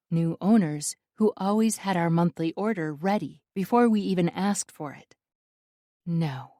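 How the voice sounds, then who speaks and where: A woman narrating a first-person romance audiobook in a measured, tense, inward way. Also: lowish voice, dark tone, no room sound, studio quality.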